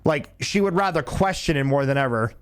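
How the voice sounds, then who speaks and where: A man's voice: on the high side, lively intonation, fairly quick, faint music behind. A tired man live-streaming a game, chatting casually, swearing freely and laughing often. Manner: laid-back, swears a lot, laughs often.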